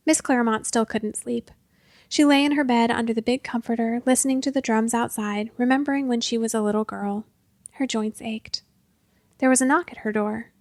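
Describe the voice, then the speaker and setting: A woman narrating a short fantasy story in a calm, even storytelling manner. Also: a little high, moderate pace, no room sound. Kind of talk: audiobook story reading.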